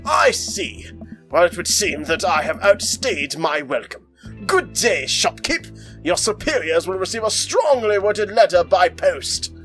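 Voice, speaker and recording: A woman voicing a haughty goth man obsessed with Victorian fashion, with pompous, drawn-out airs. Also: on the low side, sing-song, a bit bright, faint music behind, voice pushed up, low-quality recording. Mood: indignant.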